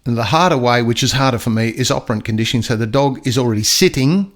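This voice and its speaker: Animated older man telling stories. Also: mid-range voice. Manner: animated, acts out dogs and people in quick voices. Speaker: podcast guest storyteller and dog trainer. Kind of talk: casual chat.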